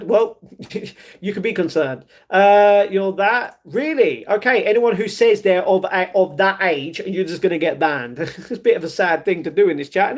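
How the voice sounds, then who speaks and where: London guy, young, high voice, easygoing livestream host reading chat. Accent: London English. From England. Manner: chatty, reads comments aloud and answers them. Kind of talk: casual live chat.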